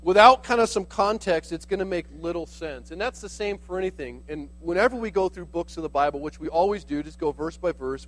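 A man with a fairly high voice delivers a sermon as a pastor, talking it through in a relaxed, explanatory way. A faint electrical hum sits under the recording. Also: rough recording. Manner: conversational preaching, explains with "like" asides.

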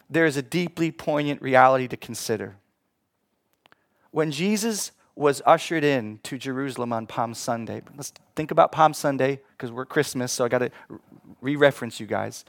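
A man preaching a sermon, swinging between hushed, slow passages and loud, emphatic ones. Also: medium pitch, no room sound. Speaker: pastor.

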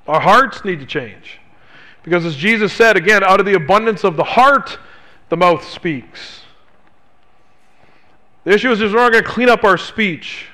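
A man delivers a sermon in a bright, ringing voice that sits high for a man. He preaches emphatically and fires rhetorical questions at his listeners. On key phrases he sinks into a hushed low voice. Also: expressive, moderate pace, long pauses. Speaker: pastor.

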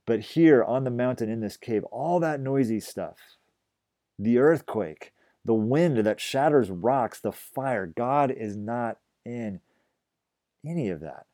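A man preaching a reflective sermon, often dropping to a hushed, gentle voice. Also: mid-range voice, no echo. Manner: gentle, reflective, drops to a hush on quiet phrases. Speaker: pastor.

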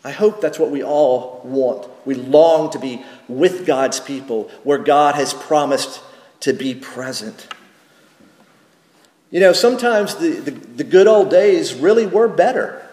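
A man, a pastor, preaching a sermon slowly and deliberately, with rhetorical questions and small restarts. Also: on the high side, lively intonation, a little mellow. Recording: echoey church hall with long reverb.

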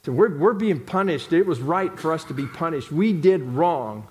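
A man with a high voice preaching an emphatic sermon, pressing his points home by repeating them. He speaks in a church sanctuary, and a long hall reverb follows his words. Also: animated, normal speed, a little mellow. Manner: emphatic, repeats phrases for stress. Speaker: pastor.

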